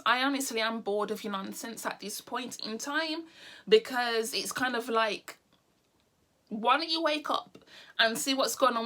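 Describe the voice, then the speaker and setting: Sharp-voiced exasperated woman ranting. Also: on the high side. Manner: exasperated, blunt, repeats her points. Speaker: vlogger. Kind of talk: ranting to camera.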